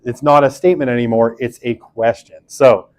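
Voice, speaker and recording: A man's voice: mid-range voice, steady tone, normal speed, darkish tone. A man teaches a university class in a loose, conversational way. He fills his sentences with asides and fillers and pokes fun at himself as he explains. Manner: chatty, many fillers and asides, self-deprecating. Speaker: university lecturer. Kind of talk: casual classroom lecture.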